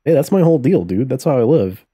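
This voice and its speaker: A man's voice: medium pitch, sing-song, quick pace, warm tone, slightly rough, no echo, clean studio sound. A man streaming a life-sim game live, joking and swearing his way through the commentary. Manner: playful, profane, laughs often.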